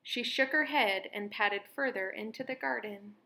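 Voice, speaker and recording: A woman reading a children's picture book aloud, clear and expressive. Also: a little high, moderate pace. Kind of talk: storybook read-aloud narration.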